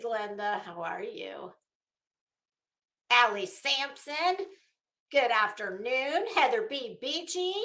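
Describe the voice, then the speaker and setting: Middle-aged woman on a livestream, unhurried, bright voice, blunt and swears a bit, roomy echo. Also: fairly high pitch. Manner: chatty, blunt, swears casually, greets chatters by name. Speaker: livestream host. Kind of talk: casual livestream chat greeting viewers.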